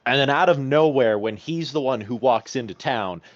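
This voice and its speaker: A man's voice: mid-range voice, normal speed, no echo. A man playing in a tabletop game, chatting casually and rambling with lots of laughter. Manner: animated, laughing, rambling storyteller. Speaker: player. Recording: dull, lo-fi stream audio.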